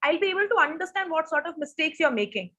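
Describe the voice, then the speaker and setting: A woman's voice: extremely high pitch, expressive, quick pace, fairly bright tone. A young woman teaching SAT grammar in a live online lesson, quizzing students and reading their answers. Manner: asks students questions, reads answers from chat.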